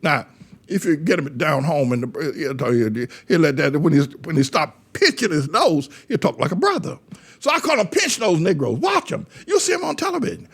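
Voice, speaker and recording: An older male pastor talking in a fairly high voice. His commentary is blunt and digressive, with frequent repeated words and restarts. The delivery is plain and conversational, more lecture than performance. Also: sing-song, normal speed, breathy edge. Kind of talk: commentary monologue.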